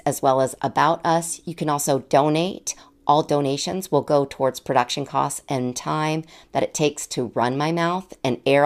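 A woman in her late forties hosting a podcast, telling a personal story in a chatty, self-deprecating way and laughing often. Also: deep voice. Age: 40s. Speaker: podcast host.

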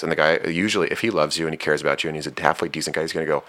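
A man with an extremely low, deep voice and a bright, forceful edge gives casual relationship advice. He speaks, blunt and frank, never softening what he means. It comes across as a plainspoken host sharing hard-earned opinions. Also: steady tone, very fast, hardly any pauses.

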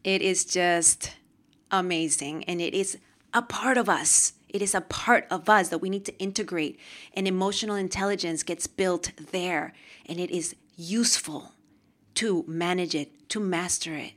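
A woman from Peru talking to camera about her own experiences, with animated, emotional storytelling. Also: fairly low pitch, unhurried. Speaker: host. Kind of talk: casual monologue to camera.

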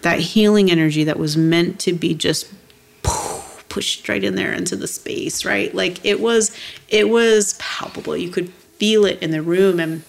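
A woman speaks in a low register with a gravelly edge. She tells her story earnestly and is close to tears, filling pauses with casual asides. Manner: earnest, frequent "you know" and "like" fillers. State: moved, near tears. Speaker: activist guest. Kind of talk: heartfelt storytelling in conversation.

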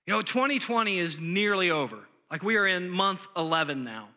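Young guy pastor, high bright voice, chatty sermon, lots of likes. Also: animated, moderate pace. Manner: casual, conversational preaching with many "like" fillers.

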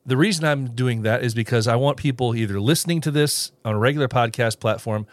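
A man's voice: mid-range voice, fast, dry recording. A man hosting a casual solo podcast, rambling with restarts and little chuckles as he reads live comments. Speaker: podcast host.

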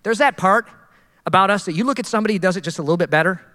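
A male pastor delivers a sermon with animated, conversational energy and a joking streak. His voice is high and bright for a man, and it carries a long reverb from a church hall. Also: rapid-fire.

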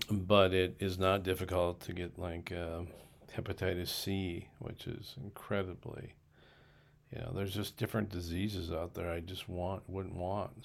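A man's voice: deep voice, vocal fry. An older man hosting a podcast, giving frank, conversational advice to listeners. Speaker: podcast host. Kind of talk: casual advice segment.

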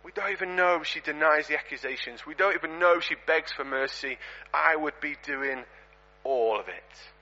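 A man preaching a storytelling sermon in a church, animated and conversational, full of rhetorical questions. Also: a little high, fairly quick. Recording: dull lo-fi recording.

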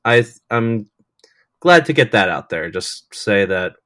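A man co-hosting a casual podcast, earnest and a bit halting, often restarting his sentences. His tone is bright, and his pitch moves around a lot. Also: big pitch swings, dry recording, clean studio sound. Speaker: podcast co-host. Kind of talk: casual chat.

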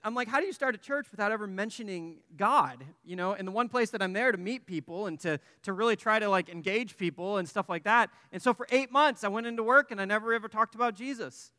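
Man preaching, high-ish bright voice, casual self-deprecating storytelling, echoing church hall. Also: fast talker, hardly any pauses. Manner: casual, self-deprecating, many fillers and restarts. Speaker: pastor. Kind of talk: sermon with personal story.

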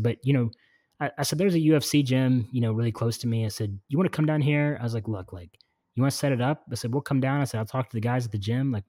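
A man's voice: medium pitch, slightly rough, no echo. A man in his twenties, a podcast host, telling a story in casual chat and acting out what he and others said, with lots of fillers. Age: 20s. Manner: animated storytelling, acts out quoted exchanges, many fillers.

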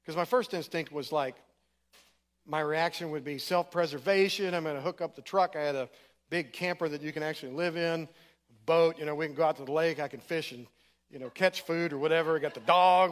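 A man's voice: fairly high pitch, fairly even intonation, brisk. A middle-aged man preaching in a church, telling his story in a casual, conversational way. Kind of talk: sermon testimony.

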